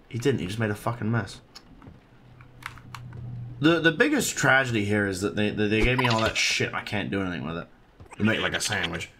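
A man's voice: on the low side, animated, brisk, long pauses, background noise. A man giving casual, profane let's-play commentary and teasing the baby in the game. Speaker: gaming channel host.

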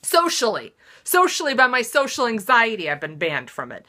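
A woman hosting her own comedy show, delivering a self-deprecating monologue that swings between loud mock-dramatic outbursts and muttered asides. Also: fairly high pitch, very animated, brisk.

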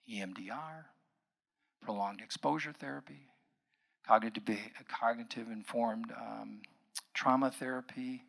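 A middle-aged man, a psychologist, giving an earnest public lecture that moves between quiet asides and emphatic passages. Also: medium pitch, vocal fry. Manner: earnest, shifting from soft asides to emphatic outbursts.

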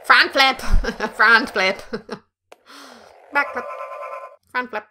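Bright young woman yelling and joking over gameplay, swears a lot. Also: on the high side, extremely slow, a little hiss or hum. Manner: excitable, profane, jokey. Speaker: gameplay streamer. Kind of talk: let's play commentary.

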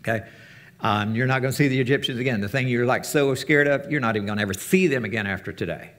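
Male preacher, mid-pitched, chatty teaching tone, jumps up high when acting out quotes. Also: fast talker, a bit bright. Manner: conversational, acts out quotes with big pitch jumps. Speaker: teacher of a fellowship. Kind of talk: casual sermon.

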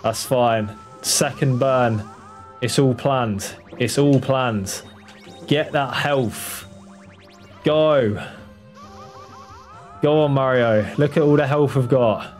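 Slow and medium-pitched, with frequent pauses and faint music behind, a speedrun streamer gives live gameplay commentary. He's excitable, addressing his chat and his character and swearing in tense moments.

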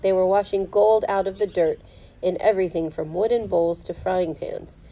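A teacher reading a children's novel aloud at home, in steady storybook narration. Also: female voice, fairly low pitch, moderate pace, rough recording. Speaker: fourth grade teacher.

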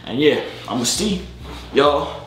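A young man vlogging late at night, blunt and teasing in a deep, sleepy voice. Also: lively intonation, slow pace, roomy sound. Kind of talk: casual video chat banter. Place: bedroom at night.

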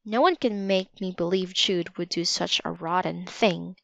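A woman's voice: lowish voice, measured pace, vocal fry, no echo. A woman reading the lines of a loyal, earnest young boy in a storybook. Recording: slightly dull lo-fi recording.

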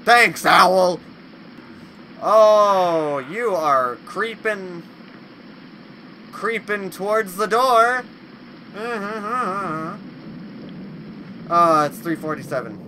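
Excitable high-voiced gaming commentator. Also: male voice, extremely slow, long pauses, slight background noise, poor audio. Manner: loud, excitable, yelling insults at game monsters. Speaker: gaming video host. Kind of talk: let's play commentary.

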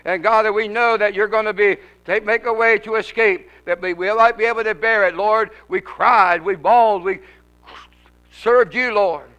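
A man's voice: high-pitched, fairly even intonation, normal speed, sharp tone, smooth, poor audio. A male preacher leading a congregation in prayer in an auditorium, fervent, with rhythmic, repeated calls.

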